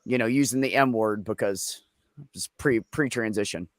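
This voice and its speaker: A man's voice: on the low side, moderate pace, no echo, studio quality. A middle-aged man hosting a casual live chat, telling stories bluntly and with lots of swearing and joking. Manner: blunt, profane, joking storyteller. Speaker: livestream host.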